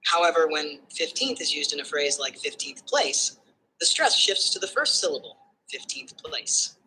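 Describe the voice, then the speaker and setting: A synthetic assistant voice explaining phonetics like a tutor, in calm, structured steps that end by checking understanding. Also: medium pitch, moderate pace, slight background noise, low-quality recording.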